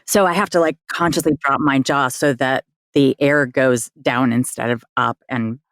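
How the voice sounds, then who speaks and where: A woman narrator with a low-pitched voice, telling loose anecdotes in a roundtable chat. The sound is dry and close. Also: fairly even intonation, moderate pace, no echo. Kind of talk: casual roundtable discussion.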